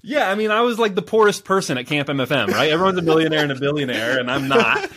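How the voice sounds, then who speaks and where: A man speaking as a guest on a podcast, telling stories in a calm, measured way with frequent fillers and restarts. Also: fairly high pitch. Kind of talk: casual interview storytelling.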